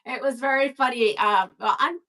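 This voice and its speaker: A woman from Brooklyn co-hosts a relaxed live stream. Her voice sits a little high. She chats easily, reads comments aloud and laughs often. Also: moderate pace. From Brooklyn, New York. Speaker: live stream co-host reading viewer chat. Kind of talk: casual live-stream chat.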